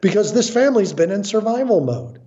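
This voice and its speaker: His high, sing-song voice is brisk and mellow, recorded with lo-fi sound. He's an American interview guest recounting his work as a family counselor in animated stories, blunt and emphatic, acting out what others say.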